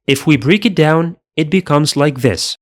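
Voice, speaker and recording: A man teaching Arabic pronunciation in a scripted lesson, speaking deliberately and saying each sound twice. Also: on the high side. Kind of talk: slow scripted lesson narration.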